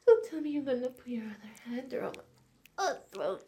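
A woman's voice: fairly high pitch, sing-song, normal speed, dark tone. Breathless young woman in audio role-play.

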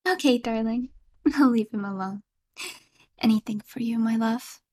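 A woman voicing a clingy, obsessive yandere girlfriend in a whispered role-play, soft and stammering, with frequent giggles. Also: on the high side, a little slow. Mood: doting, soft.

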